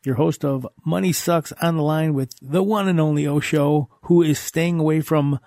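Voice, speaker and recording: A man's voice: a little high, steady tone, normal speed, mellow, dry recording, studio quality. A man hosting a casual podcast chat, enthusiastic and repetitive, often restarting his sentences. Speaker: host.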